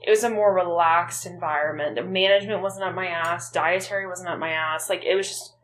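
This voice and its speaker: A woman's voice: on the low side, steady tone, fairly quick, a bit bright, low-quality recording. A young woman co-hosting a podcast, speaking candidly and bluntly in a casual chat. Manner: candid, blunt, swears freely. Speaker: podcast co-host.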